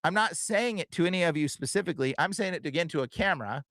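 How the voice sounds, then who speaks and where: A man's voice: a little high, animated, fairly bright tone, no echo. Earnest young man, dry close sound. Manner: earnest, fast, filler-heavy with frequent "bro" and "like". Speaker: podcast host. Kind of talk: casual livestream talk.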